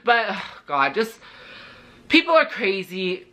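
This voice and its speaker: A young man telling storytime anecdotes in a vlog, chatty and animated, packed with filler words. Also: sits high, slow. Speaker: vlogger.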